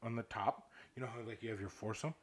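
A man's voice: medium pitch, fast. A young man telling a rambling, profane story in casual chat, ranting with laughs.

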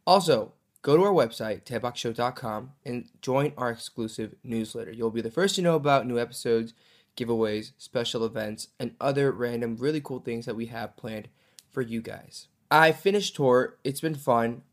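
A man's voice: mid-range voice, normal speed. Give me an upbeat young man chatting casually as podcast host. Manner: upbeat, chatty, lots of fillers.

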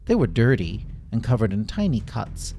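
A man gently narrating a children's story, expressive and reading every part aloud. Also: fairly low pitch, normal speed, gravelly, slight background noise.

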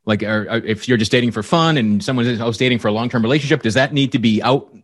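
A male podcast host puts questions to his guest. His voice sits at a middle pitch, and he stops and restarts his phrasing as he works out what to ask. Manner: halting, restarts mid-question. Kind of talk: interview questions.

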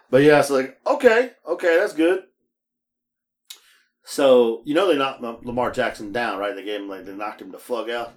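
A man's voice: mid-range voice, measured pace. A man co-hosting a casual podcast, telling rideshare-driving stories with lots of laughter and acted-out voices. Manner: animated storyteller, laughs often, acts out voices. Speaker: podcast co-host; rideshare driver. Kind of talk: casual chat.

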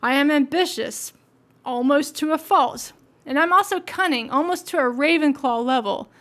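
A woman's voice: high-pitched, moderate pace, fairly bright tone. A woman hosting a solo podcast, talking in an earnest, reflective, motivational way. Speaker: podcast host.

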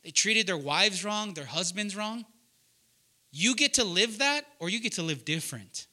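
A man preaching loudly and emphatically to young adults, often asking the room to fill in words. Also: sits high, expressive, normal speed. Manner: loud, emphatic, asks the room questions. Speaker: pastor teaching young adults. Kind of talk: sermon.

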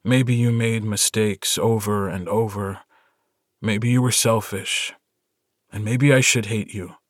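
A male narrator voicing a steady, earnest young werewolf alpha who talks in a calm, quietly firm way. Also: fairly low pitch, takes it slowly, no room sound, studio quality.

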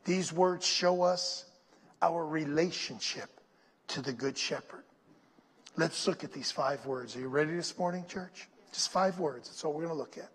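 A man's voice: fairly high pitch, a bit bright, slightly rough. A male pastor preaching a sermon, leading his congregation to repeat scripture lines and dropping to a near whisper on them. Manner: slow, drops to a near whisper on scripture phrases; call-and-response with the congregation. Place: church sanctuary. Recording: long reverb in a large hall.

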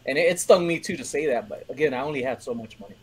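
A man's voice: medium pitch, lively intonation, rapid-fire, a little hiss or hum, poor audio. A man co-hosting a casual stream who tells a story and acts out the dialogue within it. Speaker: reseller co-host. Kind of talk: casual anecdote.

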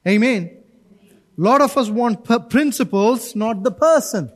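A man with a strikingly high voice preaches to his church congregation. He is animated, dropping into quick acted-out voices and back to direct appeals. It is a lively, conversational sermon style. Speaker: pastor.

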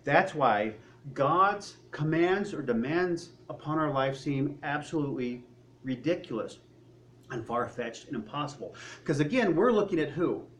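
A man's voice: fairly high pitch, expressive, a little slow, fairly bright tone, a little hiss or hum. A man preaching a sermon, acting out the voices of worried people and of God as he goes.

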